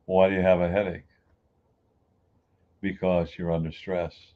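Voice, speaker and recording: Deep mellow guy from the east coast doing a folksy pep talk, kinda dull lo-fi sound. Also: little pitch movement, measured pace, long pauses. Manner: folksy, emphatic, acts out everyday people. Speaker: inspirational speaker. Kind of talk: motivational talk.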